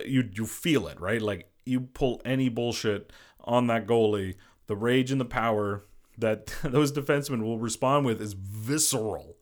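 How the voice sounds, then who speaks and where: A man hosting a casual solo sports podcast, a former goalie who rambles and fills his talk with "you know". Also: medium pitch. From Boston area. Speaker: podcast host.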